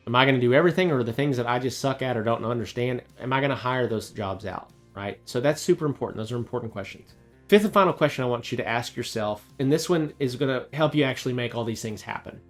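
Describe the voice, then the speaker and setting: Man, thirties, business coach, emphatic motivational talk, mid-pitched voice, faint music underneath. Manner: emphatic and motivational, rhetorical questions. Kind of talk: direct-to-camera coaching talk.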